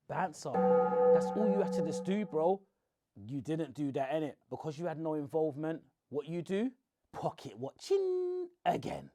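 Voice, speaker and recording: A man, shouting and confronting someone in a heated rant to camera. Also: on the high side, huge pitch swings, normal speed. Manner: shouting, confrontational, repeats "bro". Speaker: online commentator.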